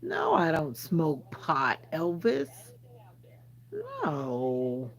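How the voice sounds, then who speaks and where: A woman's voice: low-pitched, huge pitch swings, drawn-out words, creaky, low-quality recording. A Jamaican woman from Jamaica hosting a casual livestream, chatting with viewers and teasing them as she answers their comments. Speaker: livestream host.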